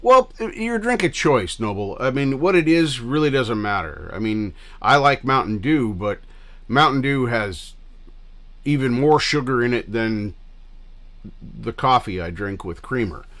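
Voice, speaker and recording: A middle-aged man hosts his own livestream in loose, wandering casual chat, trailing off and restarting his sentences. He swears freely. His voice sits at an ordinary, middling pitch for a man. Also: expressive, unhurried, a bit bright. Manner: rambling and scattered, loose with profanity. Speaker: livestream host. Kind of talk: casual rambling chat with viewers.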